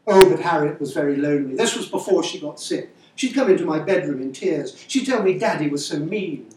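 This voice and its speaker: A woman's voice: low voice, expressive, brisk, a little mellow. A man reading aloud, voicing a guarded, theatrical young woman who speaks in a dramatic, confiding way. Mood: brooding. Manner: dramatic, self-pitying, confiding. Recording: echoey room, far-off mic, faint ambience.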